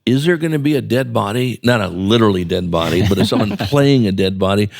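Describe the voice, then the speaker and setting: A man's voice: lowish voice, lively intonation, fast, gravelly. A man hosting a casual interview chat, chatty and encouraging, with lots of ums and uhs. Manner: chatty, filler-heavy, encouraging. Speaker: podcast host.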